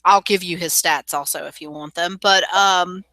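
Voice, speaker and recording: A woman's voice: on the low side, normal speed, sharp tone, dry recording, poor audio. A woman playing a tabletop game, casually describing what her character does. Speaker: player.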